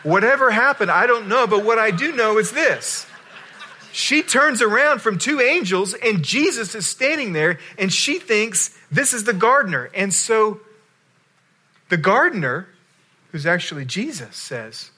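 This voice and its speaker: Male pastor, sermon; slightly high, bright voice, moving between loud emphasis and hushed lines. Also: lively intonation, a little slow, slightly rough.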